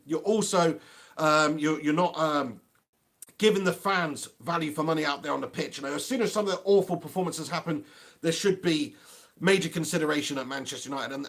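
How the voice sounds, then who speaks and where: A man's voice: fairly high pitch, a bit bright. A man hosting a live fan stream, talking passionately in a rambling way and often restarting his sentences. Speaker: fan channel host.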